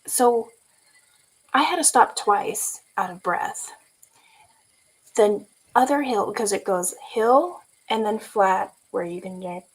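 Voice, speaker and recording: A woman's voice: mid-range voice, gravelly, poor audio. A woman in her forties from California, telling a story in a casual vlog and laughing often. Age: 40s. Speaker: vlogger.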